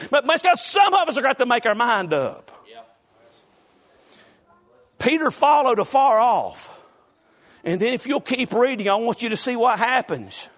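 Brief: middle-aged man, North Carolina mountain drawl, very high voice, folksy pastor who calls out church members and shouts at the peaks. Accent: North Carolina mountain Southern. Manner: folksy preaching, calls out congregants by name, bursts into shouts. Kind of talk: sermon.

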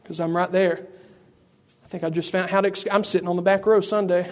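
A man's voice: high voice, little pitch movement, a little fast, slight background noise. A man preaching a sermon, fervent and repetitive, calling out to listeners by name. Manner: addresses listeners by name, frequent "I tell you".

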